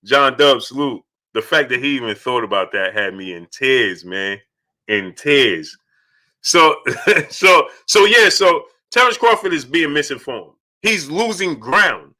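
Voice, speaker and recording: A man hosting a boxing talk livestream, giving animated commentary and giving shout-outs to viewers in the chat. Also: mid-range voice, measured pace. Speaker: boxing talk show host. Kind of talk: livestream commentary reading out super chats.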